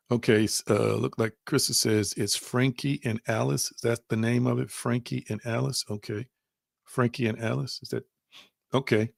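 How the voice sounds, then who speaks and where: A man's voice: fairly low pitch, creaky, a bit bright, no room sound, clean studio sound. A man giving a live-streamed spiritual teaching, repeating his phrases, putting questions to viewers and reading their comments aloud.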